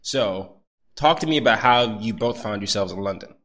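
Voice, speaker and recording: A young adult man hosting a podcast interview, animated, laughing easily, with frequent fillers. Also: lowish voice, moderate pace. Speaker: podcast host.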